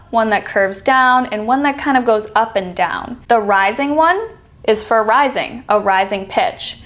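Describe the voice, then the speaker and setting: A woman teaching an accent reduction lesson, speaking clearly and deliberately and demonstrating example sentences. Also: medium pitch, a bit bright. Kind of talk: scripted instructional lesson.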